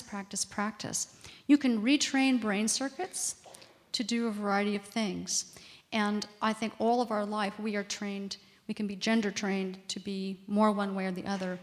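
A woman answering audience questions at a public talk, explaining at length with fillers. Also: medium pitch. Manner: explanatory, long-winded, fluent with fillers. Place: community center hall. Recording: reverberant hall.

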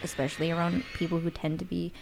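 A woman's voice: fairly low pitch, flat delivery, quick pace, creaky, a little hiss or hum. A woman in a casual chat, talking hesitantly and laughing often.

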